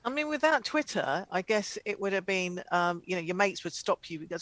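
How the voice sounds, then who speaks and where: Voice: mid-range voice, big pitch swings, brisk, a bit bright, rough recording. A co-host chatting casually and hesitantly, with many fillers. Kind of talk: casual chat.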